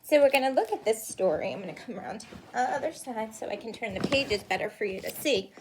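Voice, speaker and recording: A preschool teacher reading a picture book aloud to young children, pausing for gasps and questions along the way. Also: female voice, on the high side, background noise. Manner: animated storytelling with gasps and questions.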